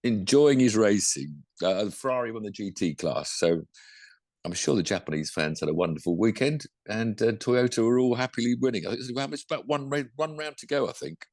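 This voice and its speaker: A man's voice: on the low side, animated, a little fast, darkish tone, dry recording, studio quality. A man co-hosting a podcast, chatting casually about motorsport in a rambling, self-correcting way. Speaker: podcast co-host.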